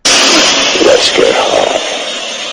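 A man's voice: very slow, very noisy. A man casually chatting as a podcast co-host, joking and profane, laughing often and mimicking voices. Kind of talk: casual chat.

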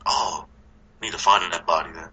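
A man's voice: low voice, steady tone, normal speed, crowd noise, poor audio. A man casually chatting as a podcast co-host, joking and profane, laughing often and mimicking voices. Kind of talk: casual chat.

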